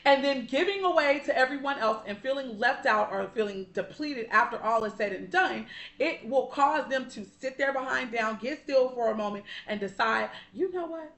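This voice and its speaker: A young woman talks through a tarot spread for her viewers in a chatty, heartfelt way, with the odd curse word thrown in. Her voice sits a little high. The room around her sounds echoey. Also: moderate pace, fairly bright tone. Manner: chatty and heartfelt, addresses viewers as y'all and baby, swears casually. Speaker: tarot card reader. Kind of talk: casual spiritual tarot reading to viewers. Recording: roomy echo.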